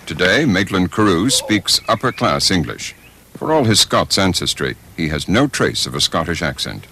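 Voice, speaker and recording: A man narrating a documentary in a measured, scripted way. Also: deep voice, big pitch swings, bright, forceful tone, a little hiss or hum.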